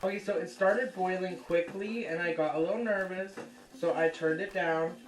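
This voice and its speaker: A cooking show host chatting casually and profanely in a home kitchen, projecting loudly toward a camera's built-in microphone. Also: mid-range voice, fairly even intonation, moderate pace. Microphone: camera's built-in mic. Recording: echoey room, distant camera mic, music.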